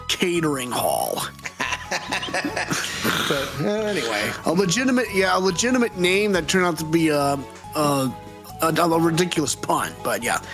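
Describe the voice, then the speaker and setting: A fan voice-acting host stepping out of the scene to chat casually, halting a bit, with music behind. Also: mid-range voice. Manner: chatty, halting, laughing at puns. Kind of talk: casual aside commentary.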